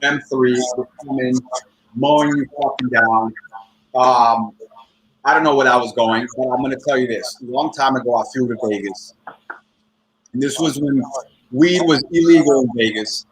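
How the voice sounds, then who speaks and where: A man's voice: medium pitch, normal speed, a little hiss or hum, rough recording. A man doing a rambling, profane stand-up set over a video call, often laughing at his own jokes. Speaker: stand-up comedian. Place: at home in front of a computer. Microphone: computer microphone on a video call.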